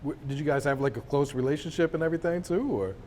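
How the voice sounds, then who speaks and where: A man's voice: on the high side, fast, darkish tone, in a large hall, a little hiss or hum. A man interviewing a guest with short, casual questions and replies. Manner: brief back-channel replies.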